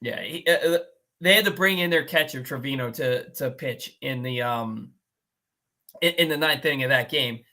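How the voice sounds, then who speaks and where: A man hosting a casual sports talk show, telling a game story in an animated, exasperated way with quick restarts. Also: mid-range voice.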